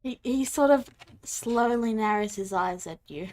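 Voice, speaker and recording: A woman acting as game master, narrating scenes and prompting the players in a relaxed way. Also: fairly high pitch, a little slow.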